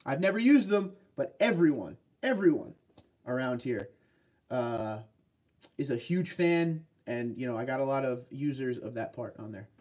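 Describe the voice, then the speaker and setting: A man's voice: medium pitch, animated, normal speed, darkish tone. A man with a Boston accent and a head cold, hosting a casual livestream and answering viewer questions about trucks in a laid-back way. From New England. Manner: laid-back, reads chat comments aloud and answers.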